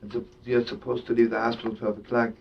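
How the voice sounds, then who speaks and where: A man's voice: level tone, fast, vocal fry. A man telling a story as a sermon, full of Yiddish words and laughter. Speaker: rabbi and storyteller. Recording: distant dull lo-fi recording with faint rumble.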